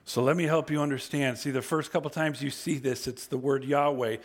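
A man preaching a sermon, reading scripture aloud and acting out the speakers, moving from low, quiet reading to loud, high emphasis. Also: fairly even intonation, a little fast. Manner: acts out voices in scripture and paraphrase.

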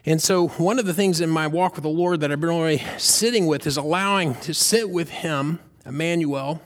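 A man's voice: fairly high pitch, normal speed. A man preaching a sermon, earnest and questioning, with fillers and restarts. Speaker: pastor.

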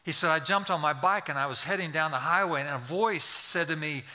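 Speaking a little fast, a man with a high-leaning, pushed and bright voice preaches as a pastor in a church sanctuary. He narrates a story to his congregation and climbs toward fervent pleas.

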